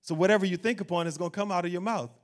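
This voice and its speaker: A man preaching an animated sermon as pastor, acting out doubting voices and laughing along the way. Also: high voice, very fast.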